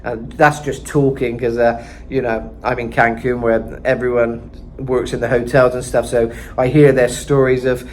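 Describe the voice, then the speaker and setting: A man's voice: medium pitch, flat delivery, moderate pace, a little mellow, a little hiss or hum. A British man giving a casual vocal lesson, chatting and thinking aloud with lots of fillers. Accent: British English. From Britain. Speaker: vocal coach. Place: home in Mexico.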